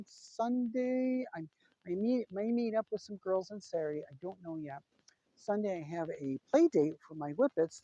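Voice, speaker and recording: A middle-aged woman chats through a casual personal update, recounting a conversation line by line with "he goes" and "I'm like". Her voice sits at a middle pitch. The recording is dry and a little dull. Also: dark tone, no room sound. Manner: chatty, retells conversations with lots of "he goes". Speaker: vlogger.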